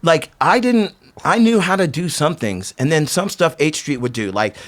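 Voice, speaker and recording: A man in his fifties with a fairly high voice that leaps up and down as he tells stories. He slips into the voices of the people he quotes and scatters "like" all through his casual interview talk. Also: moderate pace. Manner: animated, acts out quoted voices, filler-heavy "like". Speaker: podcast guest, veteran pro skateboarder.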